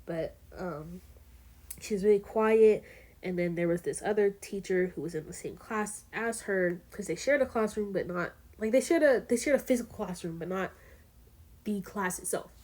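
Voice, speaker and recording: A woman's voice: mid-range voice, normal speed, darkish tone. Chatty teenage girl telling a story. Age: teens. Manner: chatty, rambling, full of fillers and asides. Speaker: vlogger. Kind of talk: casual storytime vlog.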